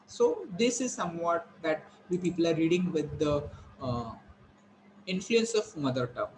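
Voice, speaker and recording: A man teaches English pronunciation in a slightly raised voice. He lays out each point step by step, repeating himself and slowing down to lean on key words. A faint hum sits behind him. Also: on the high side, lively intonation, a little mellow, low-quality recording. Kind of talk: classroom lecture on pronunciation.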